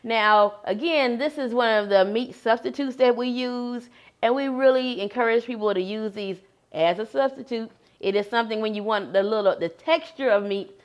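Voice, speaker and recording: A woman demonstrating a vegetarian recipe, explaining each step in a steady, practical way. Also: a little high, moderate pace. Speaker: cooking demonstrator. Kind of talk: cooking demonstration.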